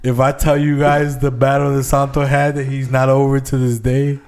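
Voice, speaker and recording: A man's voice: medium pitch, little pitch movement, normal speed, a little mellow, clear, resonant tone. A man co-hosting a podcast in casual banter, a teasing storyteller who laughs often. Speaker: podcast co-host.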